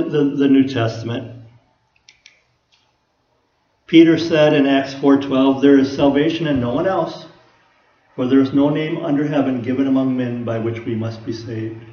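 A man's voice: mid-range voice, steady tone, normal speed. Folksy preaching man, echoey room. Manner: folksy, conversational preaching with rhetorical questions. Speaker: pastor. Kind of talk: sermon. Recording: echoey room, dull lo-fi sound.

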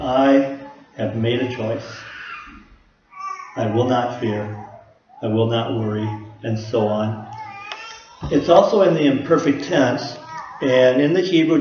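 A man preaching a sermon to a congregation, earnest and steady, asking rhetorical questions. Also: medium pitch, slight background noise. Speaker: pastor. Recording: echoey room, slightly dull sound.

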